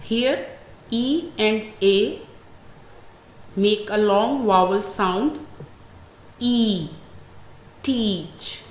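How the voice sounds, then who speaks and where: Woman teacher with a pakistani english accent, super slow and careful, echoey classroom with a faint hum. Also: mid-range voice. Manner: very slow and deliberate, stressing example words. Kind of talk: classroom lecture. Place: school classroom. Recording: echoey room, faint ambient noise.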